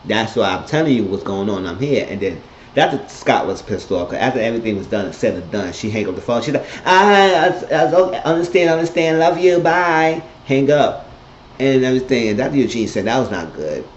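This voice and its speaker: A man recapping a TV episode in a casual monologue, blunt and profane, telling it with animated energy. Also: lowish voice, fast, slight background noise. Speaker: TV episode reviewer. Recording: echoey, dull lo-fi room sound.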